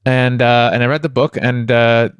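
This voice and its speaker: A man's voice: mid-range voice, steady tone, normal speed, clear, resonant tone, no echo, studio quality. A man from Toronto, a podcast guest, telling a spiritual story in a rambling, candid way. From Toronto, Canada. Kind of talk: conversational storytelling.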